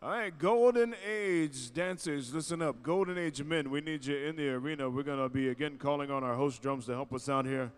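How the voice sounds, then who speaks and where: Man, arena announcer, smooth resonant voice, joking, easygoing, PA microphone. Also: a little high, a little fast, hardly any pauses. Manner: joking, easygoing, calls out names. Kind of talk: live event announcing.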